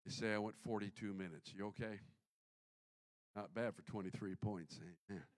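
A middle-aged male pastor preaching a sermon, swinging from loud exclamations to quiet asides. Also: fairly low pitch, normal speed, pauses often, dry recording.

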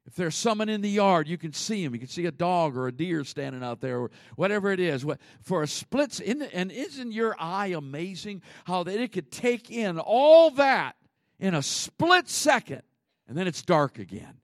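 A man preaching a sermon as pastor, conversational, with sudden swings between loud emphasis and hushed asides. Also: high voice, sing-song, fairly quick, hardly any pauses, no room sound, studio quality.

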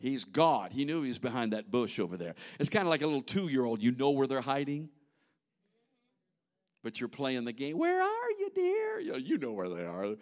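A man preaching a sermon in an animated, conversational way, with asides to the congregation. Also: mid-range voice, moderate pace.

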